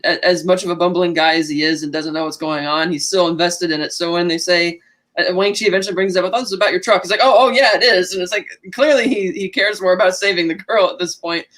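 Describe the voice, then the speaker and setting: A man casually talking through a movie with his co-hosts, chatty and quick to laugh. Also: high-pitched, steady tone, a bit bright. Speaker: podcast co-host.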